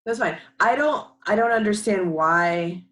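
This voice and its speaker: A woman's voice: medium pitch, lively intonation, a little slow, a bit bright, poor audio. A woman co-hosting a casual podcast chat, speaking emphatically and with strong opinions. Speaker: podcast co-host.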